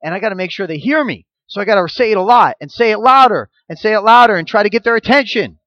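A man's voice: sits high, animated, fast talker, lo-fi sound, voice pushed up. A man voicing an anxious ancient pagan worshipper, talking in a frantic, urgent way.

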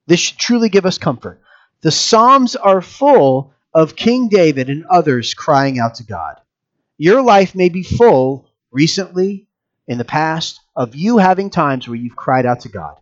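A man preaching a sermon in an animated, conversational way, asking the congregation questions. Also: a little high, a little slow, dull audio. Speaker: pastor.

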